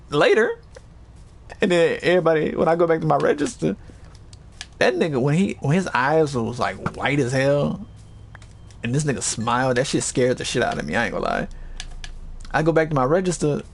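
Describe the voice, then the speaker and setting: There's a slight hiss or hum behind this creaky-voiced man as he casually recounts a story to his chat. He gets animated, curses, and mimics others by yelling in a high voice.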